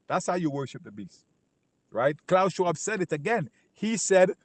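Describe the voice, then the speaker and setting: A man giving an informal Bible teaching. He talks emphatically, keeps asking "right?", repeats himself, and reads scripture slowly and loudly. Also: fairly high pitch, big pitch swings, no echo. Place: Canada.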